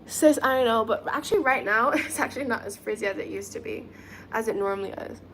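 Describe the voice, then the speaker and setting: A chatty woman with a fairly high voice hosts a relaxed live stream. She giggles and thinks out loud while doing her nails, with a faint hum of room noise behind her. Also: fast. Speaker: livestream host reading chat. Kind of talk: casual live-stream chat.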